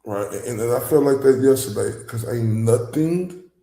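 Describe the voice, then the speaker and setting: Male YouTuber from Dallas, emphatic reaction commentary with a rough gravelly edge, recorded in an echoey room. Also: a little slow. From Dallas, Texas. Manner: emphatic, swings between loud outbursts and low muttering.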